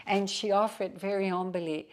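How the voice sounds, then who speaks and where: A woman's voice: mid-range voice, fairly even intonation, normal speed. A woman spiritual teacher giving a devotional satsang talk, telling a story to teach, with emphatic asides.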